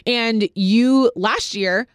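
A man's voice: extremely high pitch, very slow, fairly bright tone, clean tone, dry recording, studio quality. A man co-hosting a podcast, chatting in a teasing, upbeat way and laughing easily. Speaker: podcast co-host. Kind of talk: casual chat.

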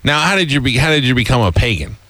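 Fast-talking, teasing radio host. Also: male voice, mid-range voice, very animated, sharp tone. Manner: joking, teasing, rambling. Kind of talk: talk radio banter.

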